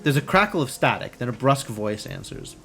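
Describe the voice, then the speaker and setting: Lively man reading a game aloud. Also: mid-range voice, a little fast, husky, soft background music. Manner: wry, musing asides. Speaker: game streamer.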